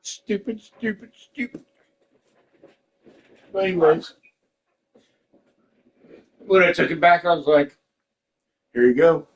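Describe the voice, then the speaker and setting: A man's voice: fairly high pitch, measured pace, long pauses, highs cut off. Regular guy chatting, emotional, swears a lot, quotes people. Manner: eating while talking. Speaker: podcast host. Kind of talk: casual chat.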